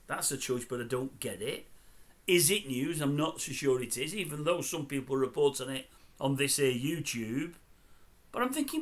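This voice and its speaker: A man's voice: medium pitch, expressive, normal speed. An older man grumbling and mocking in a chatty celebrity commentary video. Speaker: YouTube commentator.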